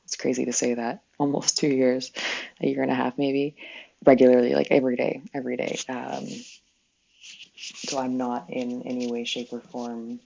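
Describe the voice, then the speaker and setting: This is a woman leading a live spiritual healing session in loose, rambling chat. She backtracks and laughs softly at herself as she goes. Her voice is husky and breathy, and the livestream sound is muffled and lo-fi. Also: rumbling low, flat delivery, normal speed. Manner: rambling, self-correcting, chuckles often. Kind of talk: casual livestream talk.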